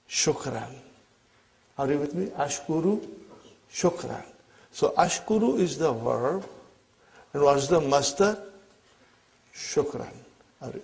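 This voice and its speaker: A man's voice: fairly high pitch, vocal fry, a little mellow. A man teaching an Arabic grammar lesson. He explains step by step, repeats his questions and often checks "are you with me?".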